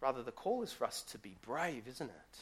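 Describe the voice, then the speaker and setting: A man's voice: medium pitch, sing-song, fairly quick, husky. A man preaching a live sermon in a church as guest pastor, talking in a conversational storytelling way and asking the congregation questions.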